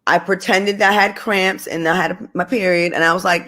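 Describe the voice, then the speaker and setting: A woman guest telling a story in casual chat, animated and acting out quotes. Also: on the low side, moderate pace, over music.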